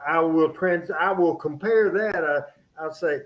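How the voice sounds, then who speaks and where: A man with a high-pitched voice hosting a radio show from the studio. He talks in energetic, rambling bursts, full of fillers and false starts. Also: measured pace, muffled recording. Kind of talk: casual studio chat.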